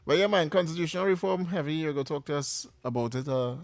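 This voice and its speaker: A man with a Trinidadian accent hosting talk radio, passionate and quick to laugh. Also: on the high side, no room sound. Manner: laughs often, passionate, addresses co-host as "boy" and "heavy". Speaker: radio talk show host. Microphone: studio mic.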